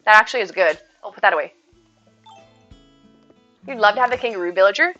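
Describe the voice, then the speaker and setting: A woman's voice: medium pitch, expressive, quick pace, pushed and bright, lo-fi sound, soft background music. A woman streaming live from home, chatting casually and answering viewers' messages as she goes. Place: at home with her cats.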